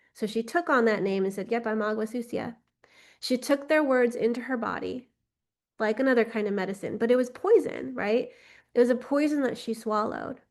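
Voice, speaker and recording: Female storyteller with a slightly high voice, telling a folk tale unscripted for a guided workshop. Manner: unscripted retelling with fillers like "right?" and "like". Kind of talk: spoken storytelling for a guided healing journey.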